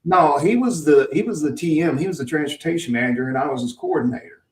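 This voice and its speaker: On his casual podcast, a male host from Mississippi meanders through a long work story, frequently restarting and chuckling. He talks fast in a fairly high voice, far from the mic in a roomy room.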